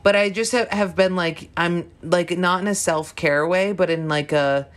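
A woman's voice: lowish voice, moderate pace. Rambling young woman, candid casual chat. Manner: rambling, frequent restarts, casual swearing.

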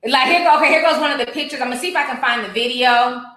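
Gossipy high-voiced woman in an echoey room. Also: very fast. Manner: animated, laughing, gossipy and profane. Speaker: commentary vlogger. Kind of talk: casual commentary chat.

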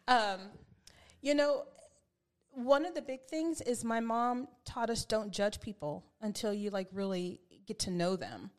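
A woman's voice: medium pitch, normal speed. A middle-aged woman chatting as a podcast guest, laughing often as she tells family stories. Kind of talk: casual chat.

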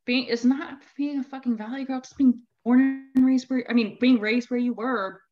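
A woman's voice: high-pitched, fairly even intonation, moderate pace. A woman from Maryland with a Maryland accent, a podcast guest talking casually in a blunt, offhand way. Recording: dull, lo-fi remote podcast audio.

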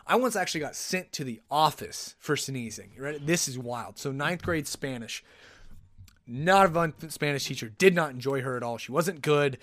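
Male podcast host, slightly raised pitch, dry close mic, loose self-interrupting storytelling. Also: moderate pace, dry recording. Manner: rambling, animated, self-interrupting. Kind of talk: casual solo podcast storytelling. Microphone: podcast microphone.

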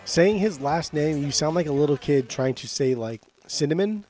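A man's voice: fairly high pitch, moderate pace, a little mellow, soft background music. A young man co-hosting a casual chat, rambling and hesitant, with some teasing. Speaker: podcast co-host.

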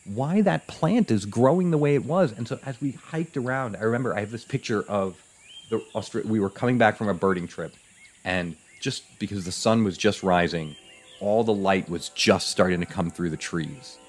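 Speaking at a moderate pace in a fairly low register, this male podcast guest animatedly recounts something from his own life, mimicking how his mother and father talked.

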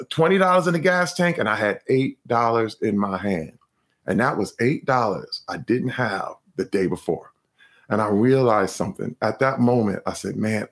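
Male guest, former athlete, expressive storyteller who acts out his own quotes, wide pitch swings. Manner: animated, acts out his own past lines. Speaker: guest, former pro football player. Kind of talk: personal storytelling in an interview.

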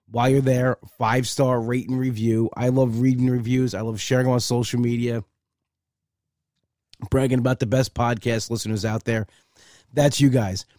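Hoarse, congested man hosting a podcast. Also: medium pitch, a little mellow, no room sound, studio quality. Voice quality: gravelly. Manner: rambling, repeats words when starting sentences. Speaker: podcast host. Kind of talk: casual solo podcast talk.

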